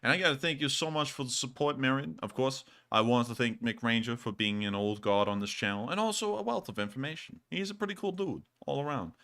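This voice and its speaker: A man hosts a casual live stream with a bright, forceful voice. He chats loosely and cracks jokes as he goes. His pitch sits in the ordinary middle for a man. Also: brisk, hardly any pauses. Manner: jokey, loose and chatty. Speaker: host of a live war-news stream.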